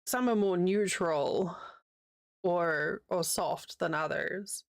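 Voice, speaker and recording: A woman in her thirties chats casually and rambles while crocheting on a livestream, laughing easily. She has a New Zealand accent with a slight American Southern tinge, and her lowish voice is clear and resonant, slow-paced, in a dry, studio-quality recording.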